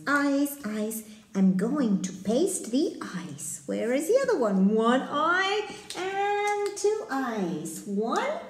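Woman, high lively voice, cheerful children's teacher, echoey room. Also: slight background noise. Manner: sing-song, slow and clear, cheerful. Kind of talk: playful craft lesson for small children.

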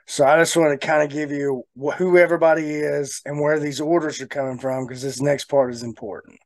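A man co-hosting a podcast, telling a long story in a casual, animated way and laughing often. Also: fairly high pitch, fairly quick, no room sound. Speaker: podcast co-host.

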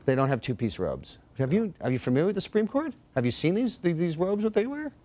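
A man hosting a comedy talk show as a deadpan, patient straight man. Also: sits high, quick pace.

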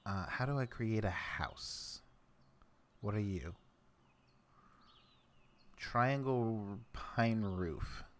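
A young man mutters his way through a game, his voice sitting deep and low. He talks at an unhurried, drawn-out pace and chuckles at his own confusion. It is casual let's play commentary, rambling and self-directed. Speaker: gameplay commentator.

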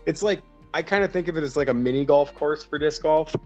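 A man's voice: a little high, a little fast, darkish tone. A Minnesotan man co-hosting a podcast, chatting casually in an easygoing way and laughing often. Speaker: podcast co-host. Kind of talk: casual chat. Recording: slightly dull, music behind.

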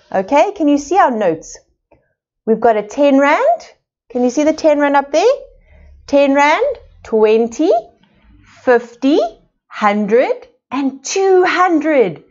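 A woman from South Africa leads a playschool class over a video call. Her voice is high and swoops up and down as she asks slow, sing-song questions. The sound is a little dull and lo-fi. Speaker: preschool teacher. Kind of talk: online preschool lesson.

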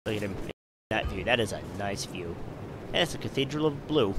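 A man's voice: fairly low pitch, lively intonation, normal speed, over music. A British man giving casual, sarcastic gameplay commentary, talking to himself and the game from his computer. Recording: loud background noise.

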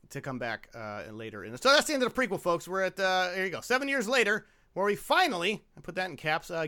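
Sarcastic podcast host reading notes, rapid and bright, crude jokes. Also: mid-range voice. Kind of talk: casual film-review chat, reading from notes.

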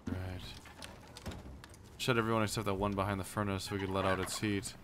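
A man with a low voice chats casually while playing a co-op game. His replies are easygoing and relaxed. Faint game ambience sits behind him. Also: brisk, noisy background. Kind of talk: casual co-op gaming chat.

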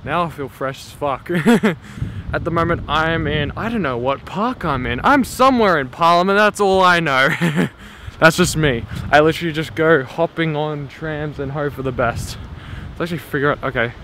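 A young man with a fairly high voice, speaking at normal speed, films a casual handheld travel vlog through busy city streets, a station and a park. He swears a lot and laughs often, recording on a camera set on a small tripod, with clear street noise behind him.

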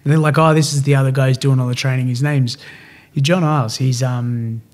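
A man's voice: mid-range voice, a little fast. A man in his thirties from Australia, a podcast guest telling stories in casual, slangy Australian speech and acting out what others said. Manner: animated, slangy, acts out quoted dialogue. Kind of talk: casual storytelling.

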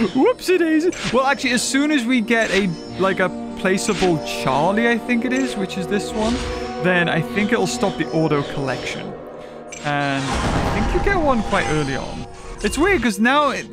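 British male gaming host, high, animated, laughing, clear game music behind. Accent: British English. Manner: excitable, chatty, often laughing. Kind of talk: casual game commentary.

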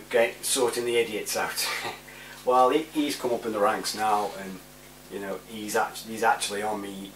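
A man, rambling casually through shout-outs to friends, laughing often. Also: on the low side, far from the mic. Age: 40s. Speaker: vlogger. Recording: roomy, off-mic, faint hum.

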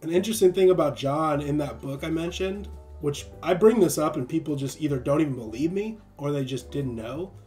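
A man hosting a livestream, chatting casually and laughing often while retelling stories with animated voices. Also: a little high, fairly quick, few pauses, faint music behind. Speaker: livestream host. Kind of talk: casual chat.

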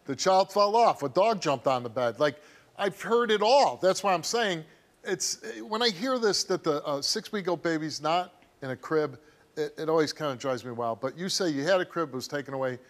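A man's voice: fairly high pitch, moderate pace, fairly bright tone. A middle-aged man hosting a studio talk show, questioning a guest bluntly and with animation. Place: TV studio stage.

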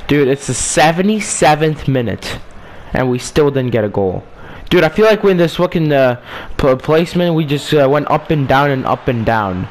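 A young man talking over a football video game, frustrated and swearing, with bursts of yelling. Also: fairly high pitch, animated, moderate pace, a little hiss or hum. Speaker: gaming streamer. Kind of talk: casual gameplay commentary.

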